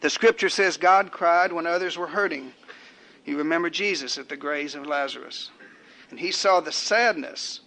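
Bright-voiced older preacher in full sermon. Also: male voice, a little high, slight background noise. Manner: rhetorical, measured preaching with repeated phrases.

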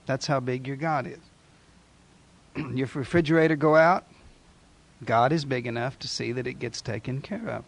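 A man's voice: medium pitch, moderate pace, creaky, pauses often. A man preaching a sermon, speaking emphatically and putting repeated rhetorical questions to his congregation.

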